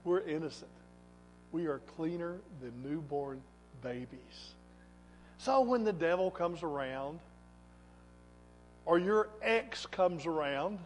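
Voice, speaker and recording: A man with a high voice preaches a sermon in a church sanctuary. He pushes hard on some lines and goes soft and quiet on others. The sound carries a long reverberant tail from the hall. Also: expressive, unhurried. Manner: emphatic, swings between loud exhortation and quiet asides. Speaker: pastor.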